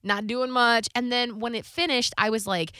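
A woman's voice: fairly high pitch, steady tone, moderate pace, sharp tone, smooth, no room sound, clean studio sound. A woman hosting a radio show, chatting casually and telling stories with frequent laughs. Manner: chatty, laughs often, storytelling. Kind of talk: casual chat.

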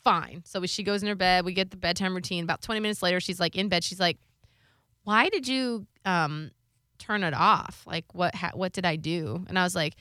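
Bright chatty lady in her 30s, storytelling, lots of like, dry close sound. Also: on the low side, a little fast, no echo. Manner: chatty storyteller, acting out quotes, many "like"s. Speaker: radio host. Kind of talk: casual podcast chat.

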